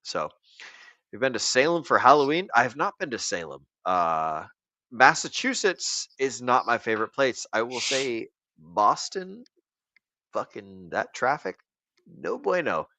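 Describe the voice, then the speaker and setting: Bright-voiced profane man hosting a stream. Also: mid-range voice, very animated, measured pace, no echo. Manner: rambling, profane, laughing often. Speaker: stream host. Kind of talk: casual late-night stream chat.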